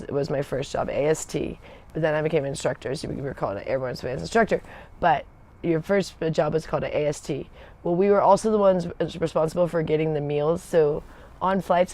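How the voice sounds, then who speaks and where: A woman's voice: low voice, darkish tone. Rambling woman telling a casual story. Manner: rambling and digressive, loses her thread and laughs often. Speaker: Air Force veteran telling stories on a livestream.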